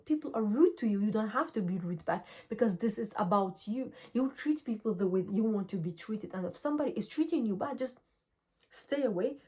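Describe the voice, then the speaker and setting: A young adult woman vlogging straight to camera, giving earnest, direct self-help talk and telling everyday stories with energy. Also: fairly high pitch. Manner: earnest, direct, lively storytelling. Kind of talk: casual motivational talk to camera.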